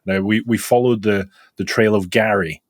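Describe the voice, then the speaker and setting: A man's voice: lowish voice, fairly even intonation, moderate pace, no echo. A man hosting a podcast in casual comedic chat, jokey, laughing often and swearing casually. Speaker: podcast host.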